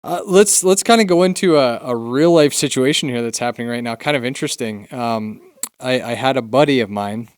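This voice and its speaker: A man co-hosting a podcast in casual chat, relaxed and easygoing. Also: mid-range voice, fairly quick, no room sound, studio quality. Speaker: podcast co-host.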